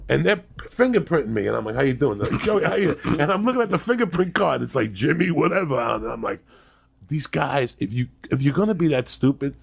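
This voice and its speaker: A man's voice: fairly high pitch, sing-song, fairly quick, creaky, slightly rough. A Cuban-American man in his fifties, telling brash, swearing comic stories on a podcast and acting out the people in them. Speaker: comedian and podcast guest. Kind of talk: profane comic storytelling on a podcast.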